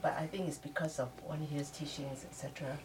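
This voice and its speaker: A woman's voice: low-pitched, fairly even intonation, fairly quick. An older woman from Malaysia sharing her reflections thoughtfully in a group discussion. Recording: distant mic, clear room noise.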